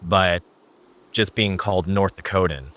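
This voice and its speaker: A man's voice: sits low, steady tone, a little slow, a bit bright. A man voicing an offended, grumbling Canadian man in a comedy news sketch. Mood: indignant.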